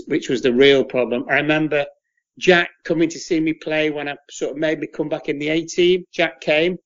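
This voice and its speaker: A man's voice: a little high, lo-fi sound. A man, a former footballer telling rambling stories as an interview guest, repeating words and acting out the voices of people he quotes. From England. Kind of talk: casual anecdotal storytelling.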